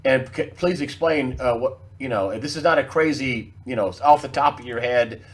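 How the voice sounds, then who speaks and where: A man's voice: medium pitch, normal speed. A man hosting an interview, asking questions with frequent restarts and stumbles. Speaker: interview host.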